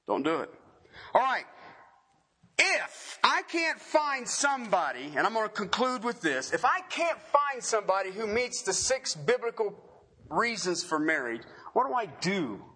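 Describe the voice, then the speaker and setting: A middle-aged man preaching a sermon as pastor, joking and animated, often laughing at his own lines. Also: sits high, husky.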